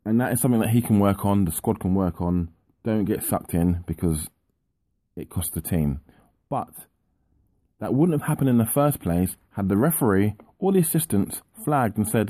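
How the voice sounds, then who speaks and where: Exasperated man with a lively, low voice. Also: moderate pace, no echo. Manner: exasperated, repetitive, emphatic. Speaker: podcast co-host. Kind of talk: frustrated football rant.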